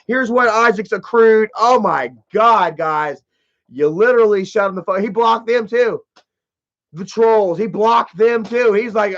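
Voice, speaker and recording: A high-voiced man hosts a livestream, speaking a little slowly with a fairly bright tone. He's casual, profane, and mocking, saying "you know" often, and the stream audio is dull and lo-fi.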